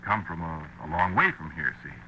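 A man's voice: deep voice, brisk, bright, forceful tone, poor audio. An actor playing a flustered young man, a time traveler, who stammers and hesitates with many fillers in a 1950s radio drama. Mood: smitten. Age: young adult. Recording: hissy old radio recording.

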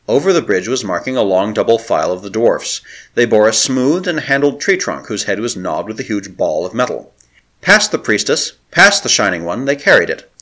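Male audiobook narrator, animated intonation, dramatic and measured. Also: on the low side. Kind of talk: scripted narration.

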